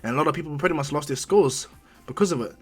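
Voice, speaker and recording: A man retells a fan story in a loose, rambling way, stopping and restarting often as he goes. His voice sits a little on the high side. Faint music plays underneath. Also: fast talker, slightly rough. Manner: rambling, full of fillers and restarts, acting out lines.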